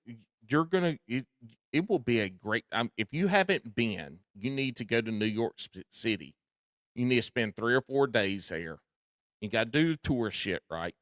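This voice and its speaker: A man's voice: medium pitch, dry recording, clean studio sound. Folksy Southern-drawling podcast host man. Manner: folksy, swears freely, lively storytelling. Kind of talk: casual podcast chat.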